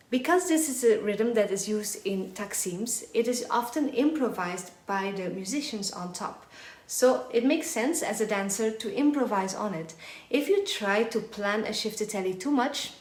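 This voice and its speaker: A woman teaching a live online belly dance class, counting and singing rhythms as she dances and drifting nearer and farther from the mic. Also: fairly high pitch. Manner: energetic, counts and sings rhythms while dancing. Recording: echoey room with faint music.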